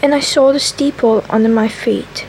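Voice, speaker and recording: A woman with a slightly raspy, scraggly voice reading a classic novel aloud in soft ASMR style, stumbling and correcting herself. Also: a little high, steady tone, slight background noise, rough recording. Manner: slow, careful reading with frequent self-corrections. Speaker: ASMR reader.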